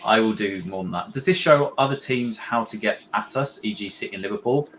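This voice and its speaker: A man's voice: fairly low pitch, a bit bright, slight background noise. A young man co-hosting a live football watch-along, chatting casually with lots of fillers and restarts. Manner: rambling, filler-heavy, halting. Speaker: co-host of a fan watch-along.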